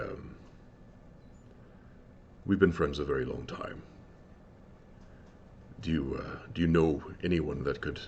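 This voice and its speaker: A man voicing a huge, protective older man who speaks in low, hushed and earnest tones. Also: muffled recording, a little hiss or hum. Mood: earnest pleading.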